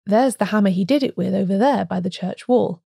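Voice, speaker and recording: A woman reading the lines of a sensible, proper male police inspector who speaks in a measured, formal way. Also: medium pitch, vocal fry, mellow, husky, no room sound, clean studio sound.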